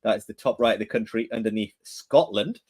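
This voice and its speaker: A man's voice: on the low side, fairly quick, darkish tone. Chatty Geordie man hosting a podcast. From northeast England. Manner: chatty, asks many questions, friendly teasing. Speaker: podcast co-host, director of training. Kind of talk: casual podcast chat. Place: home room in England.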